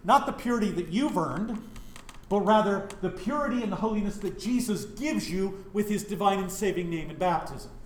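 A middle-aged pastor from Wyoming leads a Bible study in a church and keeps throwing questions at his listeners. His voice sits fairly high for a man. The room gives it a clear echo. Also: normal speed, slight background noise. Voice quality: animated, questioning the audience.

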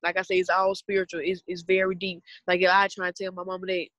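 A woman's voice: lowish voice, monotone, quick pace, fairly bright tone, dry recording, highs cut off. A woman in her twenties with a Southern US accent, chatting casually and earnestly on a podcast in a rambling way. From Southern United States. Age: 20s. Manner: rambling, earnest, talks about spirituality.

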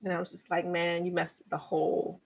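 Husky, gravelly-voiced woman chatting. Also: lowish voice, completely flat delivery, fairly quick. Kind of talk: casual chat.

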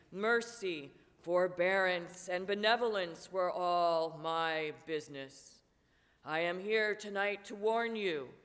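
A woman voicing Marley's ghost, low and booming. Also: a bit bright. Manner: slow, heavy, booming warning. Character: grim old male ghost in chains. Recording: long church reverb.

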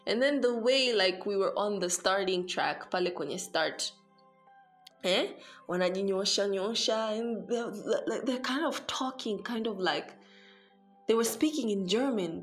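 A woman's voice: medium pitch, measured pace, faint music behind. Chatty, swearing young woman. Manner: chatty, profane, mixes Swahili and English. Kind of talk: casual storytelling vlog.

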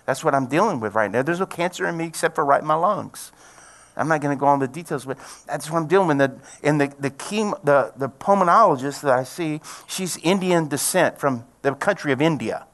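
A middle-aged man preaching a sermon, telling a personal story in a folksy way and building to loud, excited preaching. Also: on the high side, brisk. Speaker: pastor.

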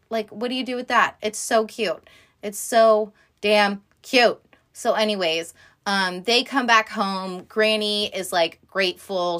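A woman casually retelling the plot of an animated film in her own words, chatty and quick to swear. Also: mid-range voice. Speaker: movie recap vlogger.

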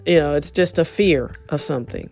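A middle-aged woman talking earnestly in a rambling, reflective podcast monologue about self-talk, with soft music behind. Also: sits low, a little fast, gravelly. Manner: earnest, rambling, self-help tone with many "you know"s. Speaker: podcast host.

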